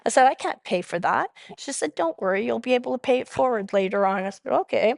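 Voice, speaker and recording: A woman's voice: a little high, a little fast, vocal fry, no echo, studio quality. A woman giving a personal recovery testimony as the main speaker at a convention, telling her story vividly and acting out the dialogue. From Canada. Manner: animated storyteller who acts out quoted dialogue.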